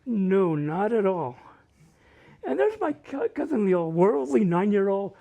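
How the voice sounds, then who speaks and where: At an open mic in a library event room, an older man laughs his way through self-mocking stories from his childhood. His high voice is sing-song, creaky and dark-toned, and he takes his time.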